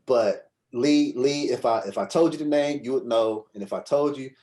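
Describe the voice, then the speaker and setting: A man's voice: mid-range voice, normal speed, dark tone. A man as a podcast guest, telling a story in a rambling, conversational way and often checking in with his listener. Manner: rambling, conversational, frequent "you know what I'm saying". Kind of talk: casual storytelling.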